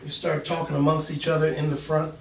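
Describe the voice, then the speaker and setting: A man, a pastor, telling a comic story at a live poetry event, halting and animated. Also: fairly high pitch, recorded from a distance, noisy background. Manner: halting, animated, slips into character voices. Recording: roomy live venue from afar.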